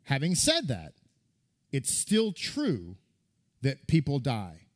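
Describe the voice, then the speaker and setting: A male rabbi giving a sermon, telling stories in a lively, conversational way with frequent restarts. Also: mid-range voice, takes it slowly. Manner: animated storytelling with restarts and acted quotes.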